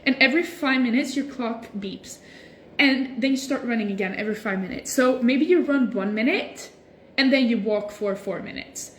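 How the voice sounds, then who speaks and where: A young woman livestreams casually from her phone at home while stretching, answering viewer comments in a relaxed, chatty way packed with "like" fillers. Her voice is a little high, her speed normal, with slight background noise.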